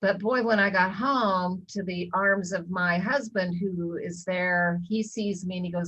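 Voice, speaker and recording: A middle-aged woman gives a casual wellness webinar talk, sharing a personal story full of ums and acting out the lines she quotes. Her voice is fairly low, steady and a bit bright, moving at a measured pace with hardly any pauses. The audio quality is poor.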